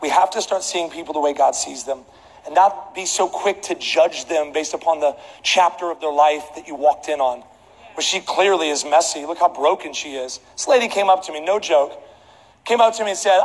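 Man preaching, high voice, animated comedic storytelling, reverberant hall, faint noise. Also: normal speed. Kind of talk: storytelling sermon.

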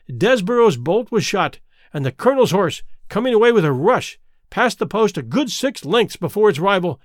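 A man reading a detective story aloud as narrator, measured and expressive. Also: sits high, no room sound, studio quality. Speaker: audiobook narrator.

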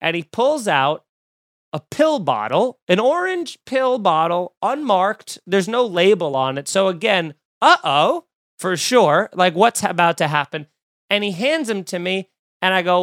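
Man spinning a casual funny anecdote, exasperated and animated, dry close recording. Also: high voice, measured pace, dry recording. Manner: animated, exasperated, lots of fillers and restarts. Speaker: storyteller. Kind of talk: casual comedic storytelling.

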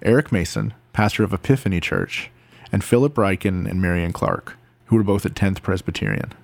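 A man reads scripted narration in a measured way. His voice is low with a gravelly edge, recorded dry and close. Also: lively intonation, no echo. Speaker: podcast narrator.

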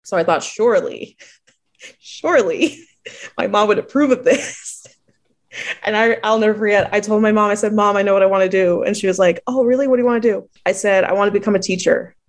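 A woman's voice: medium pitch, steady tone, quick pace. A woman from New Jersey, a poet being interviewed, who chats casually, laughs often and acts out the people she quotes.

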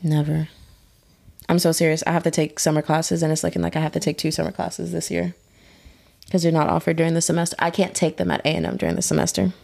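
A young woman telling stories in casual chat, blunt and profane, with an animated storyteller's delivery. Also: low voice, quick pace, gravelly.

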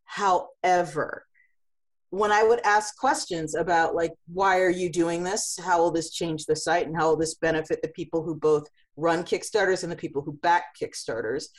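A woman's voice: on the low side, steady tone, normal speed. A woman who runs a comics publishing company, answering in an interview with vivid analogies and frequent restarts.

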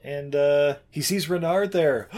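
Podcast host, jokey, rambling, fillers, lively pitch. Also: slow pace. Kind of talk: casual movie recap chat.

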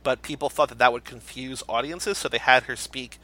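A man hosting a casual movie podcast, running through award categories in a quick, upbeat way. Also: medium pitch, sharp tone. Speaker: podcast host.

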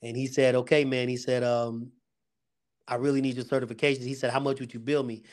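A man's voice: mid-range voice, level tone, brisk, darkish tone. Earnest middle-aged man telling his story. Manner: earnest storyteller, faith-driven, with fillers and vivid retelling. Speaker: guest, security company owner. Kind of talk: casual podcast testimony.

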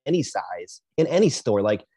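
A man's voice: fairly low pitch, sing-song, normal speed, dark tone, slightly rough, no echo. Man, agreeable co-host, dry close sound, casual, stumbling restarts. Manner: agreeable, emphatic, repeats words. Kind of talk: casual podcast chat.

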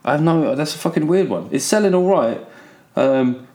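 A man's voice: a little high, lively intonation, moderate pace, warm tone. An English man hosting a solo podcast, rambling in a sweary, sardonic way through politics, plugs and listener letters. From England. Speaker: podcast host. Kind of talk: casual solo podcast monologue.

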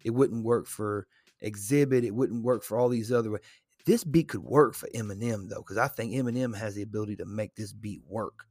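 A podcast co-host talks fairly quickly in a slightly mellow voice on the low side, rambling through casual chat with plenty of fillers and restarts. The studio-quality audio has no room sound.

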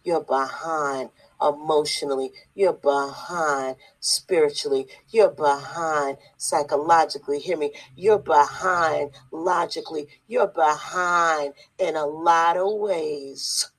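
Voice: mid-range voice, steady tone, slow pace, poor audio. An online preacher giving a blunt, scolding sermon to the camera, hammering points home with repetition and rhetorical questions. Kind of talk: preaching video.

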